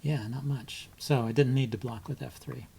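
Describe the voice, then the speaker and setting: A man's voice: mid-range voice, steady tone, normal speed, gravelly, dark tone, a little hiss or hum. A man hosting his chess channel, commentating live on his own blitz game, thinking aloud with frequent ums and muttering moves under his breath.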